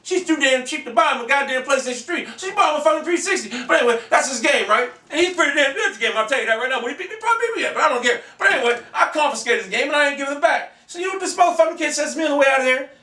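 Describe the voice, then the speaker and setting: Brash, high-voiced man ranting in an echoey room. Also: animated, racing, few pauses, distant mic. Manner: brash, profane, rambling, bursts into shouting. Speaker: video game vlogger. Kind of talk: profane game-console rant. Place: back room of his house.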